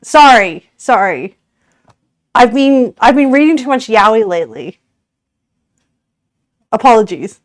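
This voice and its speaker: A woman's voice: a little high, big pitch swings, slow, pauses often, dry recording, studio quality. An Australian woman streamer chatting casually with her viewers while cooking, giggly and rambling, often correcting herself.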